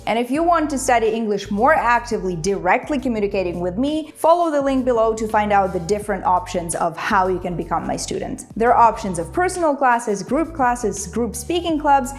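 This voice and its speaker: A woman's voice: on the high side, lively intonation, brisk, few pauses, soft background music. A young woman whose first language is Ukrainian, teaching English in a playful, chatty video lesson and laughing often. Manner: playful, laughs often, imitates animal sounds.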